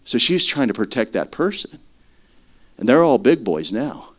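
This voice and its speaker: A middle-aged man preaching a sermon as earnest testimony, swinging between loud stretches and hushed ones. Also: medium pitch, very animated, moderate pace.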